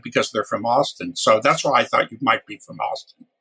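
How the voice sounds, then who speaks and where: An older man, a guest author, talking casually with frequent pauses and wry humor. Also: medium pitch, creaky, sharp tone, breathy edge. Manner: hesitant, many uhs and restarts, wry humor. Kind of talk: casual podcast interview.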